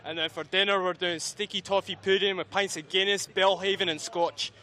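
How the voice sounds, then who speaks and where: A man's voice: high-pitched, fairly even intonation, a little fast, bright, forceful tone, pitched above the performer's own voice. A man putting on a jokey Scottish brogue. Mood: playful. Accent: put-on Scottish. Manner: playful, hamming it up. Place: outdoors at a racetrack.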